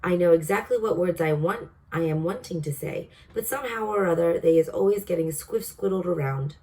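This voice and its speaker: A woman reading aloud and voicing a big, kindly male giant who talks slowly and jumbles his words, heard from a distance. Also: fairly low pitch, a little mellow, lightly acted. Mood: earnest. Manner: slow, earnest, mangled grammar. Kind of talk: storybook read-aloud.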